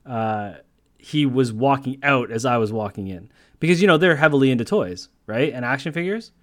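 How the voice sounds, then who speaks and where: A man's voice: mid-range voice, animated, moderate pace. A man co-hosting a podcast, telling long rambling stories in casual chat and swearing freely. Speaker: podcast co-host.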